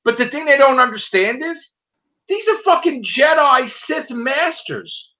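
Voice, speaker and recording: A man hosting a casual chat show who rants in an animated way and swears a lot. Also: extremely high pitch, measured pace, dull audio. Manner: animated, profane ranting. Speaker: podcast host.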